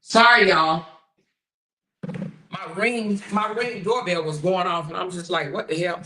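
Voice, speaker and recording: A woman's voice: fairly low pitch, takes it slowly, bright, forceful tone, a little hiss or hum. A woman hosting her own channel, talking in a casual rant that is blunt, profane and mocking and repeats phrases for emphasis. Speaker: channel host.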